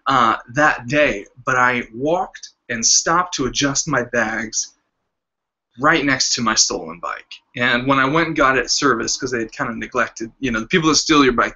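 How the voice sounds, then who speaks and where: A man in his thirties, casually telling a story as a vlogger and acting out the quoted lines with lively voices. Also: mid-range voice. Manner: animated, acts out quoted lines with shifting voices. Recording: slightly dull lo-fi sound.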